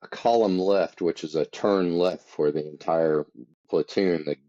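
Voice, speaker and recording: A man with a very low, dark voice talks in a relaxed, matter-of-fact way. He is a former Marine hosting a casual chat. The recording sounds a little dull and muffled. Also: measured pace, no echo. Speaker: podcast host and former Marine.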